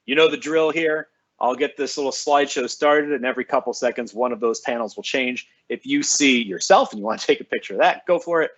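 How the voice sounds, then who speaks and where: A man's voice: medium pitch, fairly quick. A man working as a school librarian, hosting a live stream for students in a casual, upbeat, chatty way and greeting viewers by name. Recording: slightly dull, lo-fi sound.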